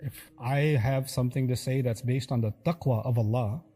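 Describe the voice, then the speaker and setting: A man's voice: medium pitch, fairly even intonation, moderate pace, mellow, husky, faint music behind. A man giving an earnest, emphatic sermon-style lecture to listeners. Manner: earnest, emphatic, acts out quotes. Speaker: religious lecturer.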